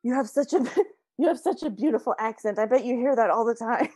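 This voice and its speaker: A woman's voice: fairly high pitch, fairly quick, darkish tone, slightly rough, no room sound, clean studio sound. A woman with a neutral American accent, chatting in a rambling, giggly way. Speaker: voice actor. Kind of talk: casual podcast chat.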